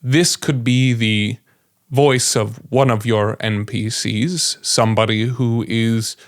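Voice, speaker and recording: A man voicing a calm, collected tabletop character who talks slowly and deliberately. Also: medium pitch, no room sound, studio quality, voice pushed down. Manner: slow, deliberate, measured speech. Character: calm, careful, collected adult NPC.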